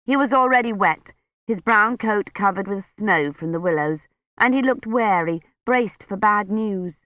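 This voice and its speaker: A man narrating a novel as an audiobook in a measured storytelling delivery. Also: sits high, dry recording, narrow, tinny audio. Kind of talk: scripted narration.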